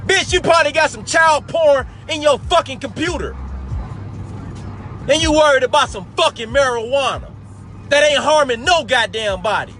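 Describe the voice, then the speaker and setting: A man's voice: very high-pitched, moderate pace, fairly bright tone, some chatter behind. A man hosting a live talk show, delivering an angry, profane commentary monologue and calling his listeners family. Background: faint background music.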